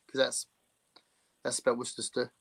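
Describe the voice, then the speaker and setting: A man's voice: mid-range voice, completely flat delivery, brisk, gravelly, a bit bright. A man co-hosting a casual livestream chat, joking and reading viewer comments aloud. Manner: jokey, reads viewer comments aloud, playful mimicry. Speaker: podcast co-host.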